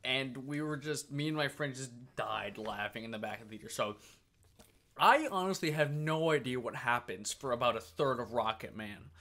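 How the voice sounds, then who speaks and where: Young man, podcast co-host, casual chat, animated, profane storytelling. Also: mid-range voice, normal speed. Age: young adult.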